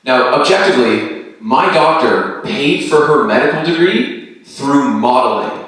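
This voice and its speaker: A man's voice: mid-range voice, a little slow. A man in his thirties from Canada doing a stand-up set, telling stories and acting out voices. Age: 30s. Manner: animated storytelling with quoted voices. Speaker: stand-up comedian. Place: comedy venue with live audience. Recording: roomy distant stage sound.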